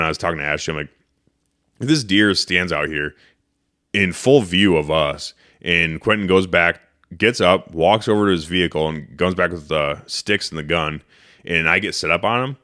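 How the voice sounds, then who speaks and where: This podcast host speaks at a normal speed in a low-pitched voice. He tells his story casually and with animation, cursing along the way and performing the things he said.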